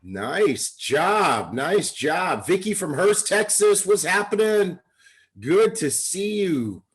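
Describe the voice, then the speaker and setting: A man hosting a weekly livestream training, reading out viewer shout-outs in an upbeat, hyped-up way. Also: high-pitched, very animated, slow pace, low-quality recording. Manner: upbeat, hype. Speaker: host.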